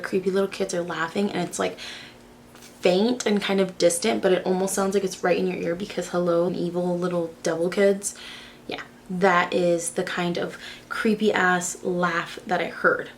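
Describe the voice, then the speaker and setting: A woman's voice: mid-range voice, slight background noise. A young woman from Arizona, chatting casually and swearing freely while doing her makeup, telling a story full of "like". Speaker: beauty vlogger.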